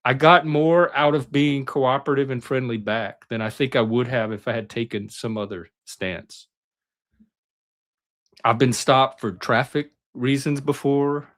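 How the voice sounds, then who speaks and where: A man's voice: mid-range voice, normal speed. A middle-aged man on a talk panel, casually telling personal stories and acting out the voices of people he quotes. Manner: animated, acts out quoted voices. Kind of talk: casual storytelling.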